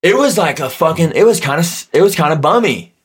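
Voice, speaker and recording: A man's voice: fairly high pitch, expressive, quick pace, slightly rough. A young man chatting on a podcast, loose and profane. He tells stories in a joking way. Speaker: podcast co-host. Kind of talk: casual chat.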